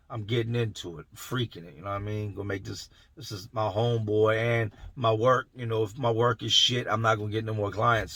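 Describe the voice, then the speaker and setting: Male storyteller, middle-aged, deep gravelly voice, dry close sound, streetwise and conversational. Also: fairly bright tone, no room sound. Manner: streetwise, conversational, quotes others in his own voice. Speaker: storyteller, former prison tattoo artist. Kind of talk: casual storytelling.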